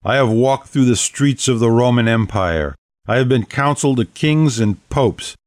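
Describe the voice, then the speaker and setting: A commanding ancient vampire queen speaks in a bold, stately, proclaiming way, as a male audiobook narrator puts her on. The voice is fairly low and sits in a very dry, close recording. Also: expressive, moderate pace, dry recording, natural voice. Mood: regal. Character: regal ancient female vampire leader, commanding. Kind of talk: audiobook character voice.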